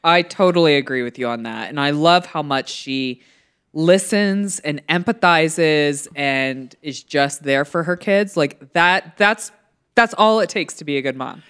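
A woman's voice: low voice, measured pace, fairly bright tone, smooth. A woman co-hosting a podcast, agreeing emphatically and swearing in casual chat. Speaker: podcast co-host.

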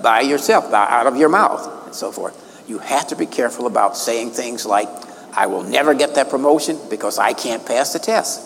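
A man preaching a sermon, emphatic and slowing down to stress key words. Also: mid-range voice, long reverb tail, a little hiss or hum, low-quality recording. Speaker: minister. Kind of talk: sermon teaching from notes.

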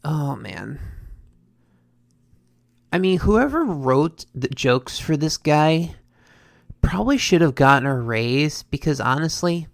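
A speaker casually recapping an episode in an animated, rambling way, correcting themselves as they go. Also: mid-range voice, takes it slowly, gravelly, long pauses, dry recording, studio quality. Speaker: show recapper.

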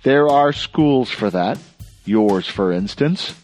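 A man's voice: on the low side, lively intonation, slow pace, soft background music. A man voicing a stern suspicious magistrate. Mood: sharp. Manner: sharp, demanding questions. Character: stern suspicious male magistrate, middle-aged.

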